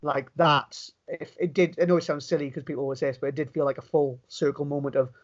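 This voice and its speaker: A Welsh man, a professional wrestler, telling stories in a casual interview, animated and quick with many restarts. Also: a little high, muffled recording. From Wales.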